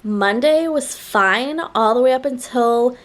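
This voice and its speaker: A woman talks in a relaxed, rambling vlog chat, peppering her sentences with "like". Her voice sits a touch high and sounds a little nasal, as she is still getting over a sore throat. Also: measured pace. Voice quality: slightly nasal. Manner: rambling, frequent "like" fillers. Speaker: vlogger. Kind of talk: casual chat to camera.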